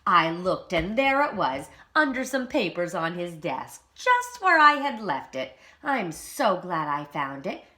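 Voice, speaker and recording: A woman voicing a self-important aunt mouse in a storybook, speaking loudly and emphatically. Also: lowish voice, sing-song, measured pace, hardly any pauses, full character voice. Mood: emphatic.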